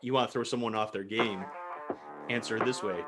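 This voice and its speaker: A man hosting a ministry podcast, asking friendly, thoughtful questions with a casual, halting flow. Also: fairly low pitch, fairly even intonation, music in the background. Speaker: podcast host. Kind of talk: conversational podcast interview.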